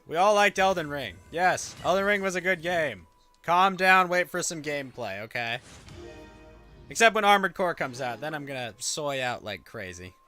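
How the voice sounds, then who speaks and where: A man's voice: on the high side, pushed and bright. A man streaming a game, chatting casually in a wry, rambling way with offhand swearing. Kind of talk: casual gameplay commentary.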